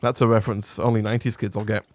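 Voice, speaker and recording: A man's voice: lowish voice, flat delivery, racing, darkish tone, no echo, clean studio sound. A young English man hosting a casual gaming chat who rambles into playful rants and laughs often. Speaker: gaming channel host.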